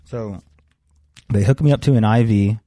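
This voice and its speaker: A man's voice: fairly low pitch, moderate pace, mellow. A young man co-hosting a podcast, telling a long story in a casual, profane way. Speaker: podcast co-host.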